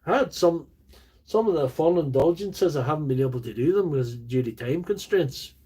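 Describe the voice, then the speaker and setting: A husky, dark-toned, fairly high male voice with lively intonation moves at a moderate pace. The speaker, a Northern Irish tool repairer, hosts a laid-back live stream from a makeshift home workshop studio, chatting in a rambling, self-deprecating way via a phone on a small tripod.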